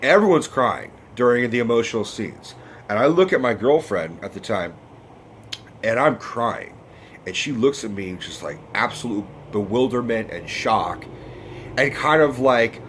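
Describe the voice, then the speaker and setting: Animated, swearing man ranting about a film. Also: mid-range voice, measured pace, breathy edge. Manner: rambling, profane and emotional. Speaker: movie review vlogger. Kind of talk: casual film review rant.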